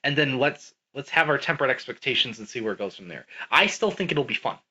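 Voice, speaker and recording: Male podcast co-host, bright and animated, casual gaming chat on a dull low-fi mic. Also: fast talker, breathy edge.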